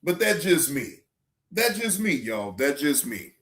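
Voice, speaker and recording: A man's voice: fairly high pitch, big pitch swings, measured pace, a bit bright, reverberant. A man hosting a livestream in casual chat, rambling loosely with slang and swearing as he talks to his chat. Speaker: livestream reaction host.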